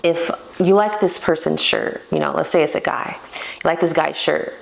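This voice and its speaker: A woman's voice: deep voice, moderate pace, vocal fry. A young woman hosting a casual solo podcast, talking playfully and poking fun at herself. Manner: playful and self-mocking, laughs at herself. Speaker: podcast host.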